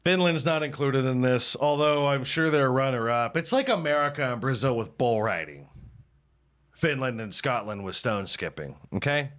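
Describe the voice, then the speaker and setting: A male podcast host in casual comedic chat, with a voice of middling pitch. He rambles, swears freely and pokes fun at himself as he reads and riffs. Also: expressive, normal speed, a bit bright. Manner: rambling, profane, self-mocking.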